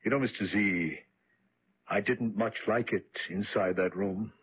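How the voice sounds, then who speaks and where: Plain blunt guard, lowish husky voice, sounds like an old phone-line radio show. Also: male voice, a little slow. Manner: flat, matter-of-fact reporting. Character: plain-spoken male prison guard. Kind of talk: 1950s radio drama acting.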